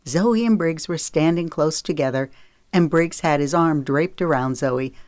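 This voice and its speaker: Woman, audiobook narrator, measured storytelling, low voice, dry close studio sound. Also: a little mellow, no echo. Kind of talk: scripted narration.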